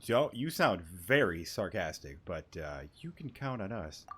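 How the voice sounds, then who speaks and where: A man's voice: sits low, sing-song, a little slow, fairly bright tone, breathy edge. A man casually commenting while playing a game, joking and crude.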